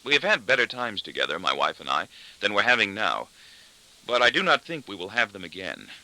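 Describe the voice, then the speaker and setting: A man's voice: lowish voice, sing-song, a little fast, pushed and bright, rough recording. A man reading an audiobook in the first person, with a dry, wry delivery. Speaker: audiobook narrator. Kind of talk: scripted narration.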